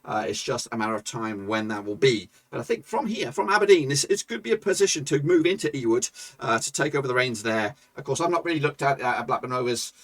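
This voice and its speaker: A man hosting his own football management game channel, talking loudly and chirpily while he plays, rambling with many fillers. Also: medium pitch, lively intonation, fast. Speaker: gaming channel host. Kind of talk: casual game commentary.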